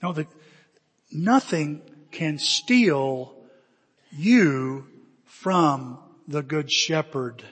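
A man preaching a sermon through animated stories, acting scenes out with sudden shouts. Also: fairly high pitch, extremely slow, pauses often, husky. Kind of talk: storytelling sermon. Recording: long reverb of a large hall.

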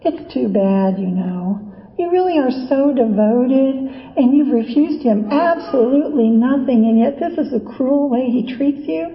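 A woman voicing a soft, pitying personification of self-pity in a hushed, coaxing whispered role-play. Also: sits high, animated, measured pace, roomy sound, big-room sound, highs cut off.

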